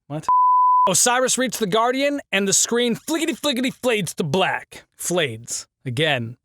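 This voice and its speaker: A man's voice: high-pitched, big pitch swings, a little slow, bright, forceful tone, no echo, studio quality. A man recording a scripted critique who keeps stumbling over words, cursing at himself and restarting. He says his throat is sore. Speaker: video essay narrator recording outtakes. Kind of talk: blooper outtakes of a scripted critique.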